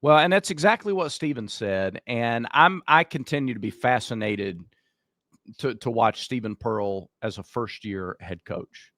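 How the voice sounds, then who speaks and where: A man with a raspy voice co-hosting a casual sports talk show, venting about his team. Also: medium pitch, animated, a little slow, a bit bright, no echo, clean studio sound. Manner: apologetic, venting. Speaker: co-host.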